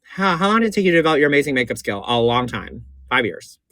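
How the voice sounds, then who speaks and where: A man's voice: mid-range voice, big pitch swings, fast talker, a bit bright, no room sound, clean studio sound. A man who performs in drag, giving a campy, chatty makeup tutorial on a livestream and calling his viewers honey and baby. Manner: gushing and repetitive.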